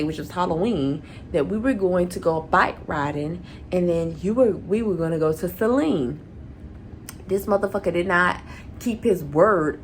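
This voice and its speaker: A young woman rants through a storytime on her vlog, swearing freely and acting out every line of dialogue she quotes. Her voice has a gravelly fry, with faint noise under the recording. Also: mid-range voice. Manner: animated, profanity-laced, acts out quoted dialogue. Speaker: vlogger. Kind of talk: profane storytime rant.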